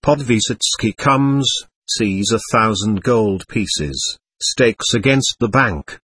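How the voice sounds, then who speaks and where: A man playing a haughty gambler with stiff, formal courtesy. His husky voice rises and falls in lively pitch. The sound is dry and close. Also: slow pace, no room sound, exaggerated voice. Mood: storytelling. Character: haughty Polish gambler, male, dealing cards.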